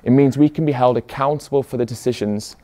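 A man's voice: medium pitch, fast talker, dark tone. A young man giving a motivational speech to an audience, pressing them with rhetorical questions. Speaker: activist speaker.

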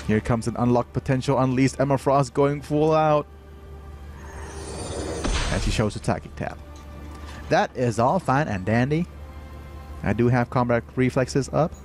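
Male game streamer, slow delivery, excitable yelps, lots of ums, faint music behind. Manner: excitable, bursts of high-pitched exclamations; thinks aloud with many fillers. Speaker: livestream host playing a game. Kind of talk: live gameplay commentary.

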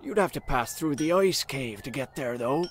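A man's voice: mid-range voice, animated, moderate pace, slight background noise, natural voice. A man voicing a folksy, drawling townsman in a video game. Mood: easygoing.

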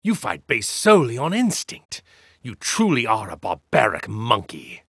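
Brief: an arrogant villain god for a fighting game, gravelly and haughty, slow menacing delivery swinging from low sneers to high shouts, bright edge, dry studio sound. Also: male voice, huge pitch swings, dry recording, exaggerated voice. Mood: contemptuous. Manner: haughty, contemptuous, grandiose. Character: arrogant evil god in a hero's body, male. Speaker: video game character. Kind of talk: game voice lines.

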